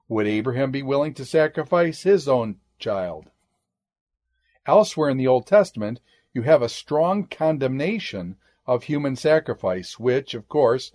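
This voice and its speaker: A man teaching a Bible study lecture in a methodical way, marking each citation with "quote" and "end quote" and dropping his voice at each close. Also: a little mellow. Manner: drops pitch and volume on each "end quote".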